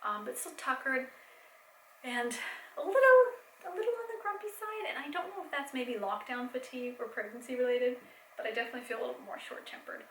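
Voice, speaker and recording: A young adult woman chatting casually in a home vlog, rambling with fillers and soft laughs, a bit tired. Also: high-pitched, expressive, brisk, roomy sound, a little hiss or hum, rough recording. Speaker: vlogger and mom. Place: home, indoors.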